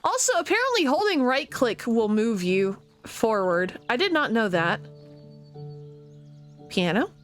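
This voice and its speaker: A young woman streaming a game, chatting casually, giggling and thinking out loud. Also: on the high side, big pitch swings, a little slow, long pauses, soft background music. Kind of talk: casual let's-play commentary.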